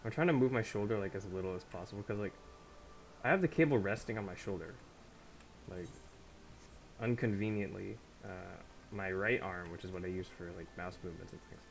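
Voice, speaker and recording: A man's voice: low voice, fairly quick, vocal fry, poor audio. A man streamer chatting casually while playing a game, rambling with lots of fillers and poking fun at himself. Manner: rambling, filler-heavy, self-deprecating. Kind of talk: casual let's-play chat.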